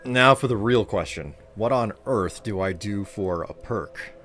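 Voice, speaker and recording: A man's voice: fairly low pitch, unhurried, a bit bright, soft background music. British man streaming, musing aloud. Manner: hesitant, reads game text aloud. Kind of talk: casual gameplay commentary.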